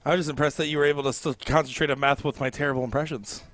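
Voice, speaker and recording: A man's voice: mid-range voice, flat delivery, rapid-fire, a bit bright, no room sound. A male color commentator in a commentary booth at a live darts match, chatty and jokey, rambling with lots of fillers.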